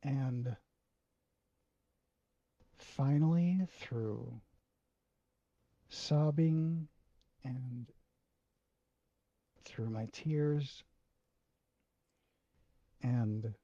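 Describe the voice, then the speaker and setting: A man telling a personal story in a halting, emotional way, swearing freely. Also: medium pitch, mellow, no echo, highs cut off. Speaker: video host.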